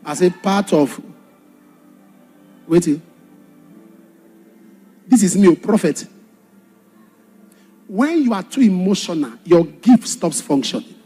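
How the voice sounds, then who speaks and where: Brief: high-pitched male preacher, impassioned, husky, over soft background music. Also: lively intonation, slow pace, pauses often. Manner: impassioned, shifts from shouted warnings to hushed storytelling. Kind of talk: sermon.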